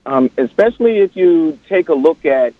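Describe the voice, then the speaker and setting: A man's voice: a little high, animated, moderate pace. A man calling into a radio show, speaking hesitantly with many fillers. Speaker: caller. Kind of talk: call-in radio. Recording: tinny phone line.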